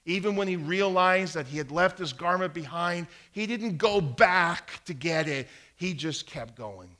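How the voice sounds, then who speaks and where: This preacher has a high, animated voice with a sharp edge, speaking a little slowly. He reads scripture and repeats phrases to drive points home, letting his volume rise and fall.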